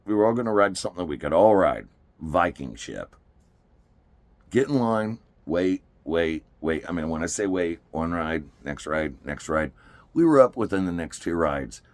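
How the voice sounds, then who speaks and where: A man's voice: low voice, normal speed, dry recording. A man, telling a story about taking his daughter to an amusement park, laughing often and acting out what people said. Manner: animated, laughing often, acts out quotes. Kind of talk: casual storytelling.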